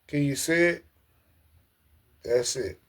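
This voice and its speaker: A man hosting a casual livestream, talking earnestly and emotionally to his viewers, often repeating himself and addressing them as ladies and gentlemen. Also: mid-range voice, slow. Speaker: livestream host.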